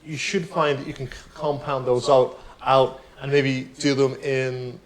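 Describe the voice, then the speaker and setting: A man giving a piano tutorial, explaining technique in a relaxed, explanatory way. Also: medium pitch, unhurried, rough recording. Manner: relaxed, explanatory, counts beats aloud while playing. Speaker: piano teacher. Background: piano playing.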